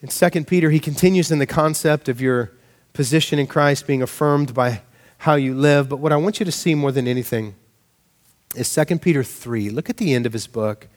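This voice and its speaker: A pastor with a slightly high voice preaches a sermon at a bit of a fast clip, lively and animated, keeping it conversational and full of rhetorical questions.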